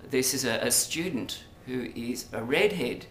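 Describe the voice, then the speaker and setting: A man's voice: mid-range voice, expressive, measured pace, a bit bright. An Australian man vlogging in a rambling, hesitant monologue full of ums and asides. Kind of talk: casual monologue to camera. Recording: roomy echo, faint background noise.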